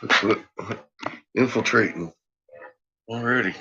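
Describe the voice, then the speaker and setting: His voice is fairly low, sharp in tone, and a touch slow as he rambles through a relaxed home vlog. He curses freely and talks both to himself and to his pets. It's a dull, lo-fi home recording where the background noise comes through clearly.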